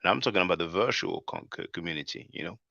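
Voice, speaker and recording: A man's voice: sits low, lively intonation, fast, creaky, bright, forceful tone, no echo. A man hosting his channel, talking loosely in a casual commentary monologue and calling his viewers brothers and sisters. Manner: loose and conversational, often says "man". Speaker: channel host. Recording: dull lo-fi dry recording.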